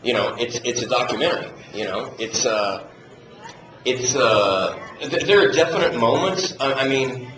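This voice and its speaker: Guy at a fan q&a, swears a lot, lively up and down voice, echoey hall, camcorder noise. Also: medium pitch, normal speed. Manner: profane, animated, laughing through impressions. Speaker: actor answering audience questions. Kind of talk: casual convention Q&A storytelling. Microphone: handheld camcorder from the audience.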